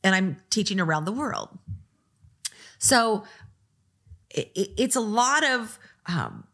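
Woman, design course teacher, casual chat, chatty, animated asides. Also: mid-range voice. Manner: chatty, restarts often, lively acted asides. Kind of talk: casual talk to camera.

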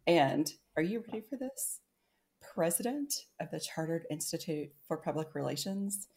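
Woman co-host for a casual podcast, lowish voice, very lively and giggly. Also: moderate pace, creaky. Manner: giggly, lively, breaks into laughter.

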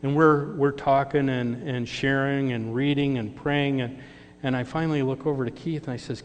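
A man's voice: medium pitch, fairly even intonation, moderate pace. A man giving a sermon testimony, storytelling and acting out the dialogue. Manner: storytelling, acts out quoted dialogue. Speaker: lay speaker giving testimony. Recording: reverberant hall with mains hum.

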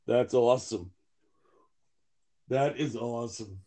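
Slow, rambling man joking around. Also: mid-range voice, mellow. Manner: rambling, profane, many restarts and fillers; self-mocking humor. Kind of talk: casual chat.

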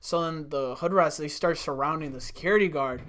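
A man's voice: on the high side, brisk, fairly bright tone. A young man rambling through a profane workplace story in casual chat, full of "like". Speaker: storyteller, former restaurant worker.

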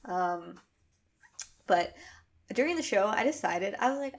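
A woman in her thirties chats casually as a podcast co-host, her voice sitting in a middle pitch. She tells animated stories and fills them with constant "like"s and quick asides. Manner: chatty, many "like" fillers, animated storytelling. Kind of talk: casual chat.

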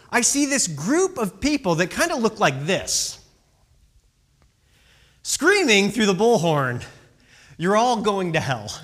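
A high-voiced man tells a story in a loose, conversational way. His pitch swings widely as he acts out what people said. He keeps checking in with quick asides. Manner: chatty, animated, fillers and "right?" asides. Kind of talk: casual storytelling talk.

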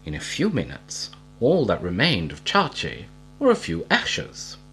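A man reading a storybook aloud in a slow, expressive storytelling manner. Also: deep voice, faint music behind, poor audio.

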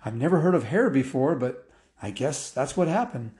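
A man's voice: medium pitch, big pitch swings, moderate pace, dark tone, natural voice. A man doing an offhand dentist. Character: dentist, casual and unsure.

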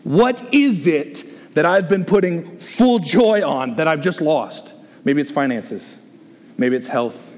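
A middle-aged man, a pastor leading a group discussion, preaching in an animated, joking way. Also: a little high, slow, big-room sound. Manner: excitable, exclaims and jokes, reads listener comments aloud.

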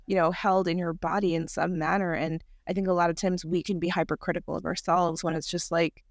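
A woman guest on a podcast, an author chatting casually and acting out quotes with lively shifts in her voice. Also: on the low side, brisk, no room sound, studio quality. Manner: animated, acts out quotes in bigger voices.

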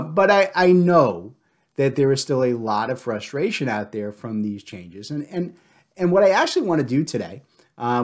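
A middle-aged man hosting a podcast in casual chat, loud and joking with his co-host. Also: medium pitch.

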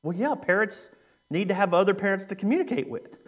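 A matter-of-fact pet shop owner answers complaints without any fuss, as a man plays him in a joke. He speaks lower and quieter, explaining patiently. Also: animated, brisk. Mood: calm. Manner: unbothered, explaining.

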